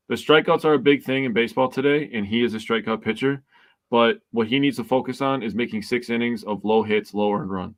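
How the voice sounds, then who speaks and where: A man's voice: mid-range voice, moderate pace. A man co-hosting a sports podcast, recapping a game emphatically with mock outrage. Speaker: podcast co-host. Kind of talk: casual sports chat.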